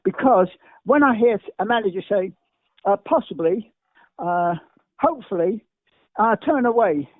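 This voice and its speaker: A man's voice: sits high, expressive, measured pace, pauses often, dry recording. Older man with a tinny phone-like sound. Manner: emphatic, repetitive, rambling anecdotes. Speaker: guest. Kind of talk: anecdotal interview storytelling.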